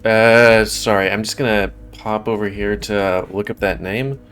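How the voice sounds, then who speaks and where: A man's voice: on the low side, steady tone, normal speed, fairly bright tone, clean tone. A man casually commenting while playing a video game, rambling and joking as he thinks aloud. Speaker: gameplay streamer. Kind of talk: casual let's-play commentary. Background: faint game music.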